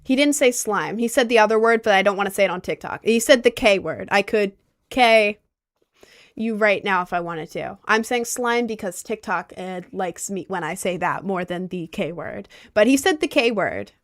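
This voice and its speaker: A woman's voice: medium pitch, animated, normal speed, hardly any pauses, no echo, clean studio sound. A woman in her twenties telling a personal story in a casual, rambling way with lots of filler words.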